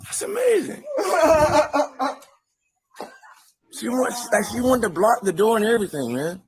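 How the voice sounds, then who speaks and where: A man's voice: sits high, lively intonation, fast talker, slight background noise, low-quality recording. A young man outdoors outside his house, exasperated and laughing in disbelief as he films a confrontation.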